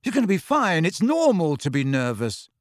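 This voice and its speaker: A man doing a steady teenage boy who talks firmly and bracingly, a little higher than the reader's own voice. The reading is dry and close. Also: moderate pace, dry recording. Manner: firm, bracing.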